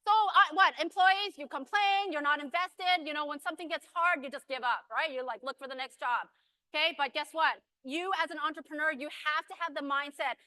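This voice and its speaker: A woman giving an energetic, emphatic motivational speech on stage, hurrying through her points and rallying the audience. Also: high-pitched, brisk, no echo. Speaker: motivational speaker at a business event.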